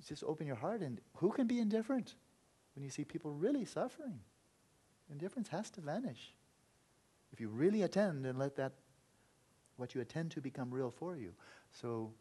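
A man's voice: medium pitch, darkish tone. A man teaching meditation in an earnest, reflective Buddhist talk, sometimes acting out inner voices.

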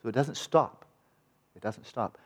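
A man's voice: medium pitch, unhurried, husky. A man teaching meditation in a conversational dharma talk, acting out quoted voices and often restarting his sentences.

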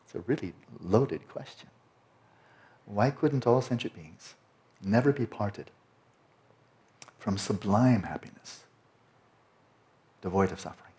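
Lower-voiced man giving a meditation talk. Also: animated, slow, long pauses, warm tone. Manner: explanatory, lingering over phrases; mixes Tibetan and Sanskrit terms. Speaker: meditation teacher. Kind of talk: Buddhist Dharma talk.

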